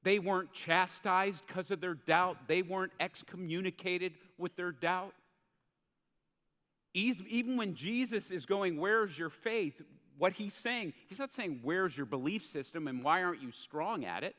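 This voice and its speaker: A man preaching a sermon as a pastor in a church, in a conversational, animated way that acts out the quotes he tells. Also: sits high, measured pace. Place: church sanctuary. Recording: church hall reverb.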